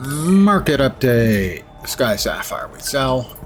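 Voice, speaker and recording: A man's voice: mid-range voice, animated, unhurried, soft background music. Wry man streaming a game. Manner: wry, self-mocking asides. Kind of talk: casual gameplay commentary.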